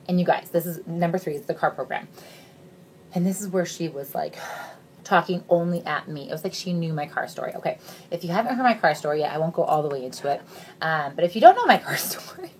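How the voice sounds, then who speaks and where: A woman in her thirties giving a casual, chatty sales pitch straight to her viewers, bubbly and jokey. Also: slight background noise. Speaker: direct sales consultant.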